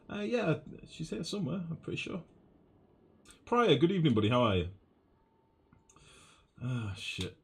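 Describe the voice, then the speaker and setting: He speaks on the low side with a breathy edge, a young northern English man from the northwest. During a live game stream he thinks out loud and chats informally with viewers, referring to them as mate.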